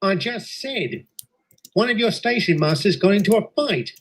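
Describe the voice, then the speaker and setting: A man voicing a blunt, gossipy male diesel engine, in a higher voice than his narration. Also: animated, moderate pace. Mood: nosy.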